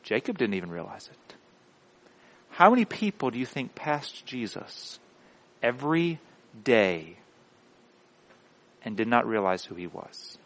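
A man preaching a sermon with emphatic repeated declarations that swing between hushed and loud. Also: medium pitch, big pitch swings, unhurried, long pauses, poor audio. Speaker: pastor.

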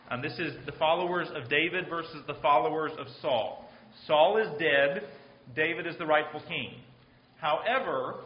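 A male pastor delivers an earnest, pleading sermon, repeating himself for emphasis. His voice sits a little high for a man. It echoes through a roomy space on a slightly dull recording with faint noise.

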